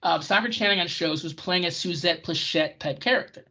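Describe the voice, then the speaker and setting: A podcast co-host in casual chat about old television, ranting in an excitable way. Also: medium pitch, a little fast. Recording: dull lo-fi recording.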